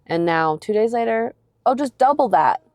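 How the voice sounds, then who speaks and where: A vlogger in her thirties chats from her parked car into a close-held phone, her voice on the high side yet darkish, with lively intonation at a moderate pace. The recording is dry, and she rambles self-deprecatingly with lots of fillers.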